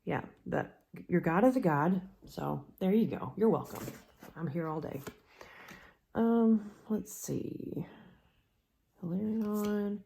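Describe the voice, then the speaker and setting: A woman giving a pick-a-card tarot reading, musing slowly and trailing off into soft murmurs as she works through the cards. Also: mid-range voice, expressive, gravelly.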